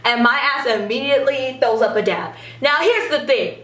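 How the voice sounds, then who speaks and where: A young woman excitedly telling a story in a vlog, giggling and acting out what people said. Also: high-pitched, normal speed, roomy sound, recorded from a distance. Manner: gushing, giggly, acts out quotes.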